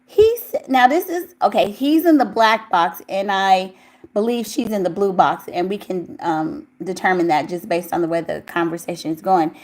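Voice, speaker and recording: A woman's voice: medium pitch, moderate pace. Outspoken woman reacting to gossip news. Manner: outspoken, incredulous, exclaims loudly. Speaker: celebrity gossip commentator. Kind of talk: reading news aloud and reacting.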